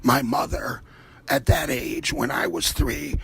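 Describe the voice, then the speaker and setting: A man's voice: mid-range voice, lively intonation, slow pace, vocal fry, noisy background. A man hosting his own art show, talking in a rambling, profane, casual monologue while he paints and drifting from one aside to the next. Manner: rambling, profane, swears freely; drifts between topics in loose asides. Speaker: artist and show host.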